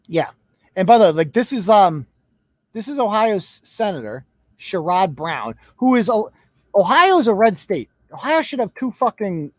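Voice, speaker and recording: Guy ranting on his live show, swears a lot, sarcastic, pitch jumps all over, dry dead sound. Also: no echo. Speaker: host.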